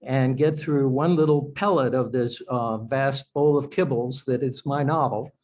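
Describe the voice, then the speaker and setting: A man's voice: medium pitch, measured pace, darkish tone, slight background noise, low-quality recording. A man, an author, speaking as a guest in a podcast interview, explaining in a thoughtful, self-correcting way.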